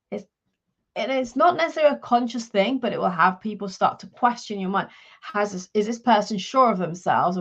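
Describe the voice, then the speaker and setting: Creaky-voiced woman coaching on a live stream. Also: mid-range voice, highs cut off. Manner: earnest advice with frequent restarts and fillers. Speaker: leadership and career coach.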